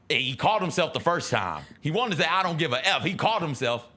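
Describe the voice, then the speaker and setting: A man's voice: a little high, fairly quick, few pauses. A man co-hosting a sports talk show, chatting casually and laughing as he retells famous rants. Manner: animated, laughing, acts out quoted rants loudly. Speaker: sports radio co-host.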